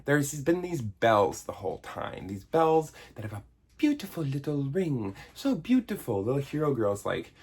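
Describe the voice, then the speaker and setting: A man's voice: medium pitch, huge pitch swings, moderate pace, slightly rough. A man in his thirties giving a sarcastic, exasperated comedic film review, swearing casually. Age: 30s. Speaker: video essayist reviewing a film. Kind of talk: comedic movie review rant.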